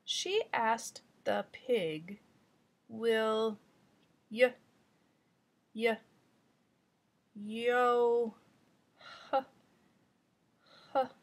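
A woman voicing a young girl reading aloud, sounding out words slowly with stops and restarts. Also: a little high, full character voice. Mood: halting.

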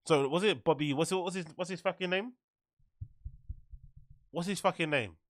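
A man's voice: fairly high pitch, moderate pace, fairly bright tone, no room sound, studio quality. A man hosting a casual reaction video, profane and loose, riffing on a clip. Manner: profane, laughs often, riffs loosely.

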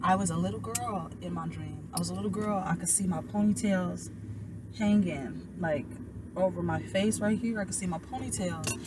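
A young woman, a tarot reader, casually telling viewers a personal story, animated and emotional, and calling them y'all. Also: fairly low pitch, moderate pace, noisy background.

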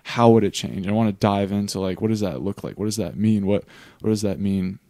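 A man's voice: fairly low pitch, a little fast, mellow, no room sound. A young man, a pastor hosting a faith podcast, talking in an earnest, reflective way and restarting often. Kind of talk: casual faith discussion.

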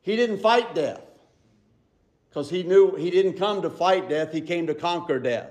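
A man preaching a sermon as pastor, swinging between loud and hushed and calling out for amens. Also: sits high, measured pace, reverberant, low-quality recording. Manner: calls out for "Amen?" from the congregation.

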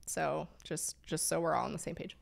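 A woman's voice: deep voice, moderate pace, gravelly. A woman co-hosting a podcast live stream, chatting casually in a playful, joking way. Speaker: podcast co-host.

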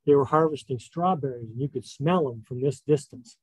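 Man, guest speaker, easygoing storytelling, warm voice, close dry recording. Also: mid-range voice, fairly quick, breathy edge, no echo, low-quality recording. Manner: relaxed storytelling with frequent fillers. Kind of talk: casual slide talk.

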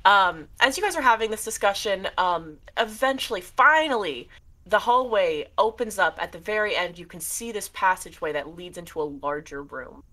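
A woman's voice: mid-range voice, animated, moderate pace, bright, forceful tone. A young woman narrating a tabletop game as game master, descriptive with many fillers.

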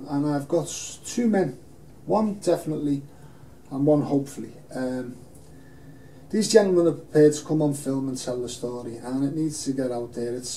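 Rambling, earnest man, dark gravelly voice, recorded from a distance in a roomy studio. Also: fairly high pitch. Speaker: campaigner making an appeal video. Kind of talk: unscripted personal appeal. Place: film studio in front of a green screen. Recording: roomy, distant mic, faint hiss.

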